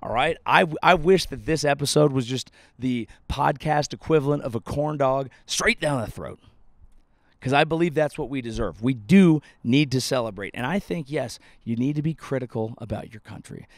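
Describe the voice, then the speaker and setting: Profane sardonic thirty-something comedian. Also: male voice, mid-range voice, lively intonation, normal speed, dry recording, studio quality. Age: 30s. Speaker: comedian podcast host. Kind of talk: comedic rant monologue. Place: outdoors by a lake.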